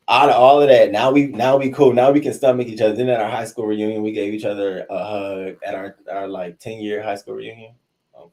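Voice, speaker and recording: A young adult man talks in a confessional storytelling style, and his voice sits a little low. He is animated and profane, and he breaks into the voices of the people he is quoting. The delivery moves loosely between swagger and exasperation.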